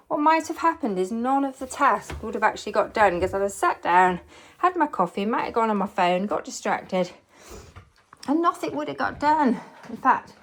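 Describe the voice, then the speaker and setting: A woman chatting casually as a cleaning vlogger, thinking aloud and cheering herself on as she works in her kitchen. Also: a little high. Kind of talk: casual chat while cleaning along in real time. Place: home kitchen. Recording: clattering household noise behind.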